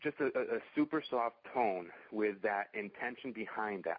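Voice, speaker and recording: Man, very low voice, halting casual talk, dry close sound, dull lo-fi audio. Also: expressive, no echo. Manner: halting, many fillers and restarts. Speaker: dog rehabilitation trainer. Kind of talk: casual conversation. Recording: muffled lo-fi sound.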